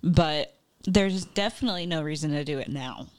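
A woman's voice: low voice, normal speed. A woman in casual podcast chat, talking hesitantly with lots of fillers and restarts.

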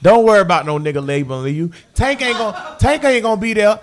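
A man hosting a casual podcast, loud and crude, joking with his co-hosts. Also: high-pitched, fast. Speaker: podcast host.

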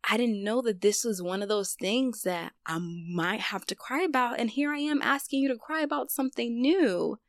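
A young woman candidly telling a personal story on her vlog, chatty and full of fillers, dropping to a hush on the hard parts. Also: fairly high pitch, normal speed, few pauses, dry recording, clean studio sound. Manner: candid, conversational, heavy use of fillers. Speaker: vlogger.

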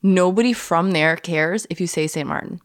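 A woman, co-hosting a podcast in casual chat, talkative and quick to laugh. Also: fairly low pitch, no room sound, clean studio sound. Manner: chatty, laughs often, explains at length. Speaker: podcast co-host.

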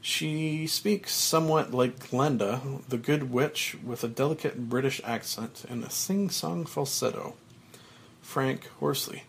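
A man reading a screenplay aloud, voicing stage directions in an unhurried way. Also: medium pitch, gravelly, slight background noise. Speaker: script reader.

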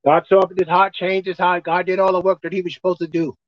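A woman preacher delivering a folksy, emphatic sermon, swinging between shouting and hushed tones. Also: on the low side, flat delivery, fast talker, no room sound, muffled recording. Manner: folksy, colloquial.

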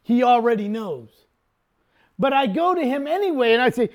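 An older man preaching a sermon as pastor, telling the story emphatically and sometimes breaking into shouts. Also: very high voice, animated, normal speed, pauses often.

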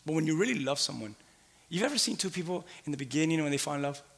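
A man in his thirties preaching a sermon, leading the congregation in call-and-response, swinging between shouted lines and hushed asides. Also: fairly high pitch, animated, fast. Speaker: pastor. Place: church sanctuary. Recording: long hall reverb.

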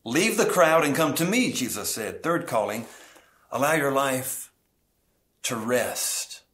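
A middle-aged male pastor delivers a sermon with earnest conviction. He slows down on key phrases and leans on single words for weight. His voice sits at an ordinary pitch for a man. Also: expressive, fairly bright tone. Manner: earnest preaching with slow emphatic phrases.

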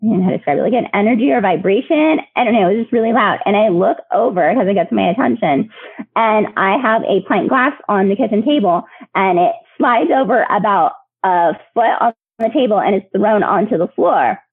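Husky woman on a tinny phone line. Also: mid-range voice, animated, fairly quick, no echo. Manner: chatty, many fillers, laughs often. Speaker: podcast guest. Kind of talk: personal storytelling.

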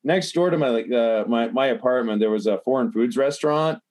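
A man in a casual podcast chat spins a rambling anecdote, cursing often and leaning on fillers. His voice sits at an ordinary middle pitch. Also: fairly quick, darkish tone. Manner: rambling, heavy swearing, many fillers like "like". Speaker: podcast host telling a story.

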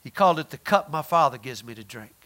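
A man preaching a sermon, emphatic, swinging between loud declarations and hushed asides, acting out the people in his stories. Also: fairly high pitch, expressive, fast. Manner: acts out quoted voices in retelling.

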